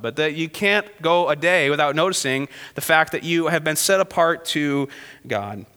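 A man's voice: fairly high pitch, pushed and bright. A man teaching a Bible passage verse by verse, reading scripture aloud and asking his listeners casual rhetorical questions. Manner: reads scripture aloud between casual remarks. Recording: long hall reverb.

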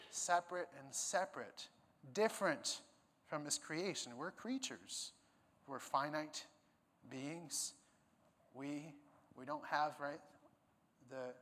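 A man's voice: a little high, a bit bright, in a large hall. A man preaching a sermon, explaining a passage emphatically, with some fillers and restarts. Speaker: pastor.

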